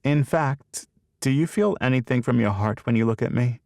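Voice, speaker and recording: A man voicing a witty, teasing young woman in an audiobook, quick and wry. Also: mid-range voice, gravelly, a little mellow, no room sound, clean studio sound, pitched above the performer's own voice, lightly acted.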